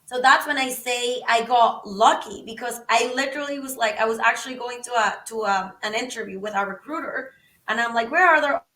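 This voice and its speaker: Woman, animated storyteller, bright, mic at a distance. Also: fairly high pitch, a little fast. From Venezuela. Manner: acts out both sides of conversations, exclaims. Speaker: podcast guest. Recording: roomy, from a distance.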